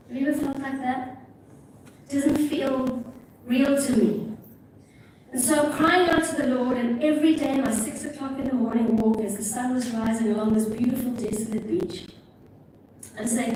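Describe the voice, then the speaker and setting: Irish lady preaching, higher voice, chatty storyteller, sounds far off in a big echoey church. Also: moderate pace, long pauses. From Ireland. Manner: chatty, animated storytelling with self-mocking asides. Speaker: guest preacher. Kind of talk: sermon. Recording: echoey church from a distance, faint noise.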